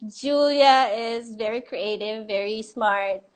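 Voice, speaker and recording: A woman's voice: on the high side, takes it slowly. A middle-aged woman who leads a church children's ministry, chatting casually and self-deprecatingly on a live stream, with lots of fillers and restarts. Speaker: children's ministry leader, guest.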